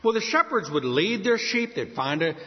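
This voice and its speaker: A man's voice: high-pitched, very animated, moderate pace, big-room sound, muffled recording. A man from New Orleans preaching a sermon, telling stories and acting out sing-song calls. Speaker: pastor.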